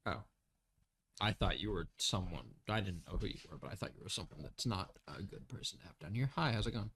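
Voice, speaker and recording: Dude as a chill ex-pro snoop, kinda wary, lowish voice, easygoing tabletop character. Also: male voice, brisk. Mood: laid-back. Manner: relaxed, casual, lightly joking. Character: wary male ex-professional snoop, laid-back.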